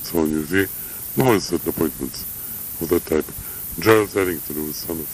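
An older man in a reflective interview, speaking in a measured, halting way with frequent pauses and fillers. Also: deep voice, a little hiss or hum, poor audio. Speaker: interviewee, academic.

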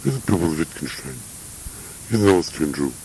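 An older man in a reflective interview, speaking in a measured, halting way with frequent pauses and fillers. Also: low voice, lively intonation, a little mellow, slight background noise, rough recording. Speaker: interviewee, academic.

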